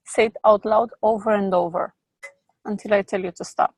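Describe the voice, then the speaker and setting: A woman facilitating a group session, guiding participants through an exercise with slow, instructive prompts. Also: medium pitch, fairly even intonation, a little mellow, husky, dry recording. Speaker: workshop facilitator.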